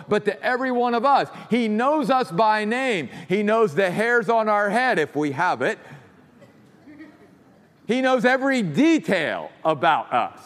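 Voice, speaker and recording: A man's voice: high-pitched, big-room sound. A man preaching a sermon as pastor, emphatic and building his points through repeated phrases.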